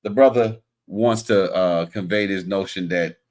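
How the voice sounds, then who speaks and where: A man's voice: deep voice, unhurried, a little mellow. A man hosting a heated panel debate, questioning pointedly and arguing back. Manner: pressing, argumentative questioning.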